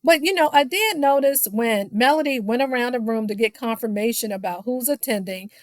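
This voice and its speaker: Sassy higher-voiced woman recapping gossip. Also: fairly quick, no room sound, studio quality. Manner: sassy, shady asides, keeps saying "child"; mimics the people she quotes. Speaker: reality TV recap commentator.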